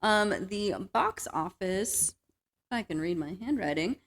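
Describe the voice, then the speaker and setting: A woman's voice: medium pitch, unhurried. A woman co-hosting a movie review podcast, chatting casually, joking and laughing often. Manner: giggly, joking, lively storytelling. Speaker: podcast co-host.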